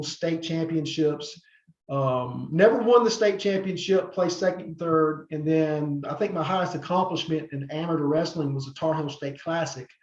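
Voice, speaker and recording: A middle-aged man tells long stories as a podcast guest, rambling with fillers and restarts. His voice sits fairly high for a man. The sound is roomy and a little muffled. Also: a little mellow. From North Carolina, USA. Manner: rambling, many fillers and restarts, acts out quoted people. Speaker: podcast guest, former wrestler. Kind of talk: casual interview storytelling.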